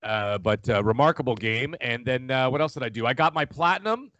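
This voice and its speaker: A man, chatting casually as a podcast co-host, rambling and animated. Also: mid-range voice, fairly quick, dry recording, highs cut off. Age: 40s. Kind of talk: casual chat.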